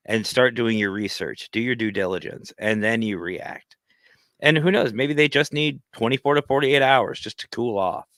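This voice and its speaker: A man hosting a casual livestream chat, talking earnestly and giving advice in a steady lecturing way. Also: mid-range voice, normal speed, no room sound. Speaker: podcast host.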